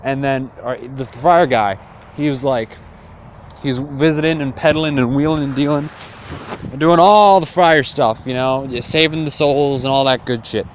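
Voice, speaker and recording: A man's voice: medium pitch, unhurried, slight background noise. A young man retelling a classic tale in casual, profane slang, rambling with lots of fillers.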